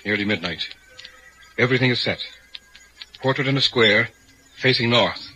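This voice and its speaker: A man's voice: medium pitch, moderate pace, slight background noise, natural voice, rough recording. A man playing an eager occult mentor. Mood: intent. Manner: urgent, commanding, excitable. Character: eager older male occult enthusiast, mentor. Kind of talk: radio drama acting.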